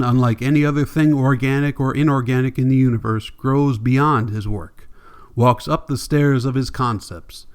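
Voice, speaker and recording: A man reading a classic novel aloud as an audiobook narrator, measured and deliberate, with long pauses. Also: mid-range voice. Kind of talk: scripted narration.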